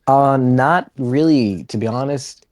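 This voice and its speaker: A man's voice: mid-range voice, slow, darkish tone, no room sound. A man being interviewed on a podcast, telling loose rambling stories and laughing as he goes. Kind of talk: casual storytelling interview.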